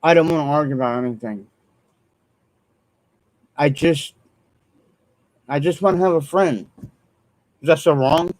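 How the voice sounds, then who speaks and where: A man's voice: a little high, darkish tone, low-quality recording. Earnest rambling man vlogging. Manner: earnest, repetitive, apologetic, trailing off with ums. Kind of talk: rambling solo vlog monologue.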